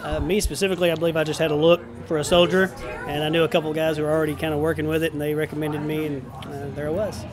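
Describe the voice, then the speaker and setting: Fast-talking man at a noisy premiere. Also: fairly high pitch, little pitch movement. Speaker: film extra. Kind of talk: red carpet interview. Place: outdoor premiere red carpet. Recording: crowd chatter behind.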